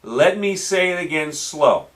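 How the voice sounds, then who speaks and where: A man's voice: on the high side, animated, a little slow, recorded from a distance. A man hosting his own sports show, ranting brashly in a monologue, with a combative manner and lines repeated for emphasis.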